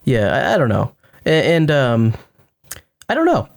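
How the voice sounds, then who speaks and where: A man's voice: mid-range voice, huge pitch swings, measured pace, vocal fry. A man co-hosting a casual podcast, talking hesitantly and searching for words. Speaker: podcast co-host. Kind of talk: casual chat.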